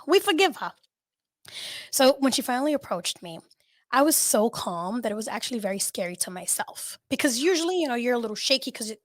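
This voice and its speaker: Animated, higher-voiced woman telling a story. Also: no room sound. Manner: animated storytelling, frequent swearing and laughter. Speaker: podcast host. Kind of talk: casual chat.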